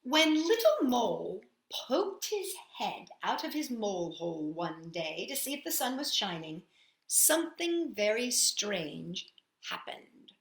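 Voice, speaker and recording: Woman reading a kids book, bouncy sing-song, slow, echoey room. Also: on the high side. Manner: expressive storybook reading with sound effects. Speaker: children's storyteller. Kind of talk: reading a picture book aloud. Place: at home.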